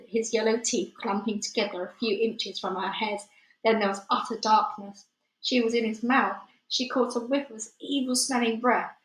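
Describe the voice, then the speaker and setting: Woman reading a story aloud in an echoey room. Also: a little high. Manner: steady expressive reading with small slips. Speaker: reader.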